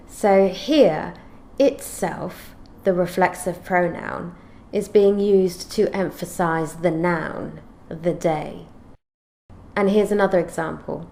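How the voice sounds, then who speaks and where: A woman teaching an English grammar lesson, explaining clearly and reading out example sentences in a measured way. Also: fairly low pitch, lively intonation, a little mellow.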